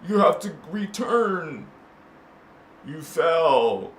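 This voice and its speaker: A man hosting a spiritual talk, rambling between quiet musing and impassioned shouts. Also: on the high side, big pitch swings, extremely slow. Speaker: spiritual channel host. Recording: echoey room with faint noise.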